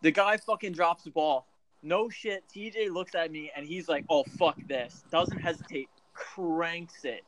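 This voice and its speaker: Give me a man with a slightly high voice telling a rambling, profane story. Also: measured pace, a bit bright, no echo, rough recording. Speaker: podcast co-host. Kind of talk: casual chat.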